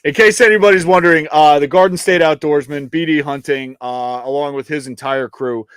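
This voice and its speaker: A man's voice: fairly high pitch, steady tone, a little fast, clear, resonant tone, no room sound. A man co-hosting and producing a live outdoors show, rambling casually, joking and swearing with frequent restarts. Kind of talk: casual live-stream chat. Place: New York.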